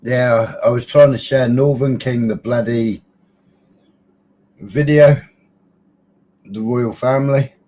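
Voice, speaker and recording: A man hosts a casual live stream into a computer mic, sounding chatty and teasing and dropping the odd mild swear word. His voice sits at an ordinary middle pitch. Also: fairly even intonation, normal speed, warm tone. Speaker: livestream host. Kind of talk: casual livestream chat greeting viewers.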